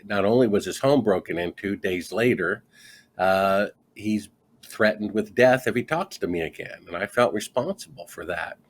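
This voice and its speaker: A middle-aged man, a guest author in a conversational interview, telling his story with energy and acting out the dialogue he quotes. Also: lowish voice.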